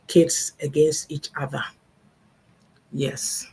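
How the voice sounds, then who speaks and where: A woman's voice: low-pitched, a little slow, slightly rough. An older woman, hosting a livestream talk on family and faith, earnest and advising. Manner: earnest, advising, acts out parents' sayings. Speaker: host.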